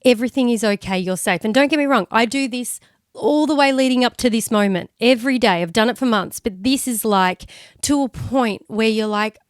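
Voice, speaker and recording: Woman, thirties, candid podcast chat, smooth clear voice, dry close mic. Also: fairly high pitch, brisk, dry recording. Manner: candid, emotional, swears freely. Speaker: podcast co-host. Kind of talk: casual chat.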